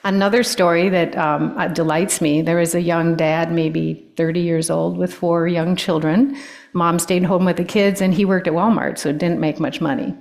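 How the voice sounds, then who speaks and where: A woman, an older guest speaker giving a personal talk with stories, often pausing with ums and restarting sentences. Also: on the low side, steady tone, vocal fry. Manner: warm storytelling, with frequent ums and restarts.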